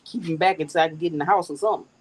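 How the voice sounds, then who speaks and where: A woman's voice: low voice, very fast, a little mellow, slightly rough, rough recording. A middle-aged woman hosting a casual outdoor live stream on her phone, chatting to viewers and laughing often. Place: outdoors in a yard. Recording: faint outdoor noise with crickets.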